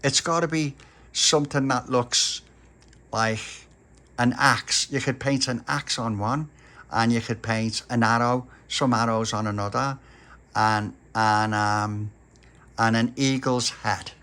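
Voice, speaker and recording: A man's voice: mid-range voice, steady tone, sharp tone. A man voicing an eager, bossy little boy, spinning a children's story. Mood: persuasive. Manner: bossy, persuasive, drawn-out emphasis.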